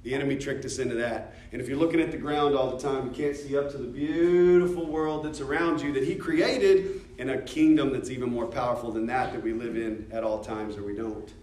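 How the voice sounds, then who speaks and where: This is informal teaching talk in a church discipleship class, led by an American man who chats with the class, quizzes them, and jokes and laughs along the way. His mid-range, slightly mellow voice moves briskly and steadily with hardly any pauses, captured from afar in an echoey room.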